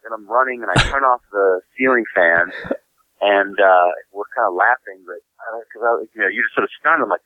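A low-voiced young man from Saint Louis spins a rambling, profane tale about his touring life. His voice comes through dry and tinny, much like a phone call. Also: fairly quick, no room sound. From Saint Louis, USA. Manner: rambling, profane, laughing storyteller. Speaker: touring musician guest. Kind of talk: casual storytelling in a podcast chat.

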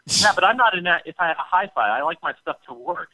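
A man calling in to a talk show, chatting casually and hesitating with lots of filler pauses. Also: fairly high pitch, animated, pushed and bright, no echo. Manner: halting, many filler pauses. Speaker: caller. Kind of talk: casual chat on a call-in show. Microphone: phone. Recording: tinny phone line.

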